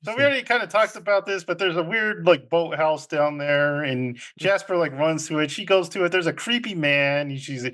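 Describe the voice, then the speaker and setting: A man casually recaps a film on a podcast, acting out the characters' lines in quick voices. His voice sits a little higher than most men's, and he laughs often as he talks. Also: fairly bright tone. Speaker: podcast co-host.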